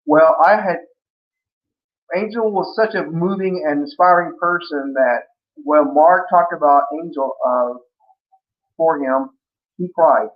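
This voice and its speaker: A man guest recounting stories at length, circling back with many restarts and fillers. His voice sits somewhat high for a man. The audio is a little muffled and lo-fi. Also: slow pace, pauses often. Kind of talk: casual interview storytelling.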